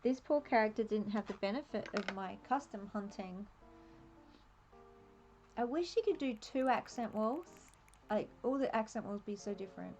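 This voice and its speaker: An Australian woman streaming a game, chatting and thinking aloud in a relaxed, laughing way. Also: medium pitch, normal speed, soft background music. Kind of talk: casual live-stream commentary.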